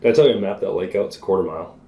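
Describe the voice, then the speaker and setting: A young man, a podcast guest, telling a story in casual chat with animated delivery, frequent laughs and many filler words. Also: low voice, racing, vocal fry.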